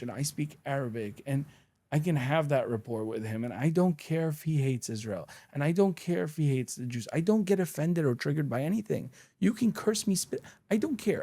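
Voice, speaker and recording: Syrian-born male podcast guest, slightly high, gravelly, blunt and profane storyteller. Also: mellow. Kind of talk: casual interview conversation.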